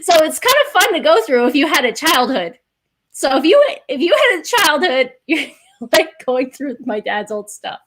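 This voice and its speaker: A woman's voice: sits high, big pitch swings, moderate pace, background noise. A woman from Canada with a General American accent, a guest in a casual live stream chat, giggly and rambling with many restarts.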